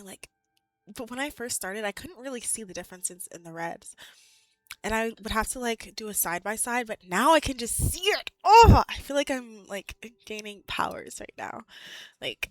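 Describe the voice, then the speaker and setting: Bright-voiced chatty young woman. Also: fairly high pitch, dry recording, studio quality. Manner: chatty, animated, many "like"s and laughs. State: a bit out of breath. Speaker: streamer. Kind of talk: casual chat with live chat.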